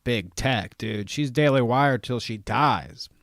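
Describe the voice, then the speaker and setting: A man's voice: mid-range voice, expressive, slow, a bit bright, dry recording, studio quality. A man with a Southern US accent hosting a morning show, swearing and joking as he reacts to a clip. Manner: joking, rambling, laughs often and swears freely. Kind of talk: profane reaction commentary on a clip.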